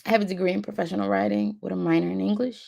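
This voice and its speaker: Gravelly-voiced woman chatting on a live stream. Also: mid-range voice, steady tone, racing, mellow. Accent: Philadelphia. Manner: chatty, talks to viewers in the chat by name. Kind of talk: casual live-stream chat.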